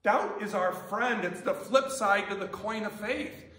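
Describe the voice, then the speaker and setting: A man's voice: high voice, measured pace, pushed and bright. A man preaching a sermon as pastor, in a conversational way with many rhetorical questions. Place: church sanctuary. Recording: echoey church from a distant mic.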